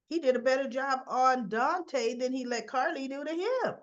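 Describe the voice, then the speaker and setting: A woman casually recapping a soap opera episode, acting out the characters' lines, with a cough and frequent throat clearing. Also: on the high side, brisk, dull audio. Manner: chatty, acts out characters' lines in quotes.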